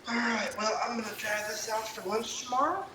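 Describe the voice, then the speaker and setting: A man's voice: sits high, steady tone, a little fast, noisy background. Distant, echoey young man joking around. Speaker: friend on the stream. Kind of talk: casual chat among friends. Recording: distant roomy mic with music behind.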